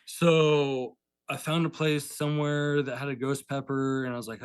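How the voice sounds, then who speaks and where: A man chatting casually as a podcast guest, rambling and packing every sentence with fillers while he acts out old conversations. His pitch sits right in the middle for a man. The sound is dry and close, with no room around it. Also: level tone, moderate pace, clear, resonant tone, no echo. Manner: rambling, filler-heavy, retells with quoted dialogue. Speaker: guest, pepper farmer.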